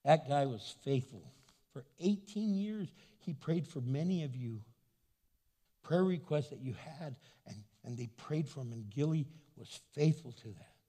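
A man preaching a sermon as pastor, animated and acting out the voices of people he quotes. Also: a little high, slightly rough. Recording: long hall reverb.

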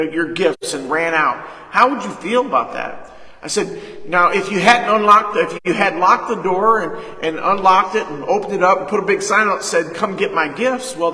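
High-voiced pastor preaching in an echoey hall. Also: male voice. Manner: call-and-response preaching, retelling a conversation with sudden loud emphasis. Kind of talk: sermon. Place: church sanctuary.

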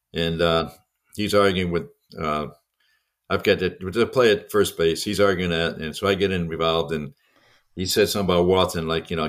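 An older man, a podcast co-host and former baseball coach, telling anecdotes in casual conversation with frequent chuckles. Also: deep voice. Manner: fast, lively anecdotes with chuckles.

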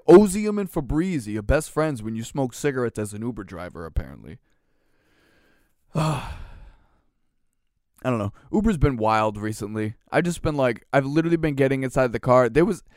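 A man's voice: fairly high pitch, no echo, clean studio sound. A male podcast host telling a profane, ranting story in casual chat.

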